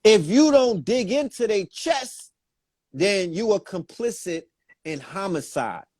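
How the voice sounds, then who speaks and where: A man's voice: high voice, animated, slow, darkish tone, dry recording. Impassioned man holding forth, dry sound. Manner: impassioned, preachy, builds to emphatic points. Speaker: guest commentator. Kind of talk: casual podcast talk.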